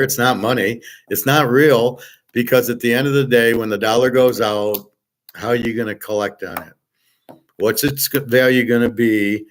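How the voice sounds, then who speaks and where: A man hosting a livestream, ranting and reading chat comments in a profane, sarcastic, combative way. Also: medium pitch. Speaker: host.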